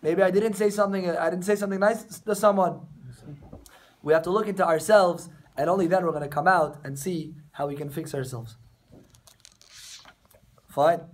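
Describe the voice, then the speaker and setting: Brief: male rabbi, high voice, casual class talk to a small group of students, acts out what people say. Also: steady tone, normal speed, pauses often. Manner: conversational, addresses students directly, acts out quotes. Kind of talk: informal Torah class. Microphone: camera recording the class.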